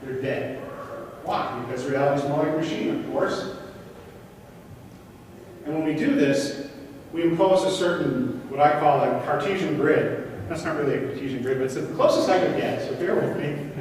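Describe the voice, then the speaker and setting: Male conference speaker, high-ish voice, far from the mic in a reverberant hall, engaging and full of questions. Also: normal speed, pauses often, slight background noise. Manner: questions the audience, rhetorical and animated. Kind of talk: interactive conference presentation. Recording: echoey hall, recorded from afar.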